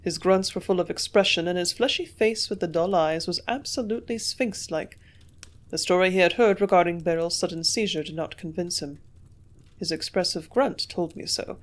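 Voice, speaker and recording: A woman's voice: on the low side, normal speed. Woman reading an audiobook. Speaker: audiobook narrator.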